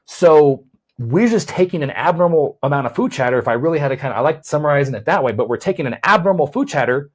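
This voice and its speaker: A man with a husky, slightly breathy voice hosts a health podcast and explains his approach as a chiropractor and weight loss coach. He talks things through out loud, often restarting with repeated words and tagging "right?" onto his points. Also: on the high side, animated, fast. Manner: repeats words while thinking, often adds a questioning "right?".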